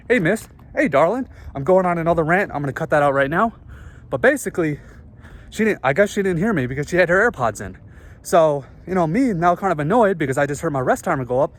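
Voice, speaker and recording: A man ranting casually to camera, out of breath after a workout, rambling and swearing, recorded through earbuds. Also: fairly high pitch. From northern United States. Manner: rambling, profane, self-interrupting. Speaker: vlogger. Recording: voice picked up through earbud mic.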